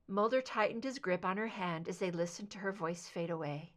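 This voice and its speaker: A woman reads a fan fiction chapter aloud at a mid pitch for her sex, with steady, even narration. The telling stays plain and measured. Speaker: audiobook reader.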